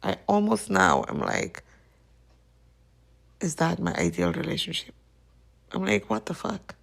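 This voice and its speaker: A woman's voice: mid-range voice, big pitch swings, a little slow, vocal fry. A woman hosting a podcast, talking candidly and emotionally about a past relationship in a confessional monologue. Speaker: podcast host.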